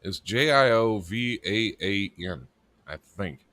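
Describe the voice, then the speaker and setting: A man's voice: lowish voice, lively intonation, slow, sharp tone, no room sound. A man co-hosting a live internet radio stream as its producer, rambling and joking with casual swearing. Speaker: producer and co-host.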